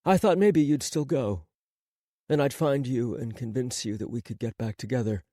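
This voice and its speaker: A man voicing a smooth-spoken, fatalistic former lover turned spy, calm and unhurried, in an audiobook reading. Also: medium pitch, no echo, studio quality, close to an everyday voice. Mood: cool, wistful. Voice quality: smooth, accentless.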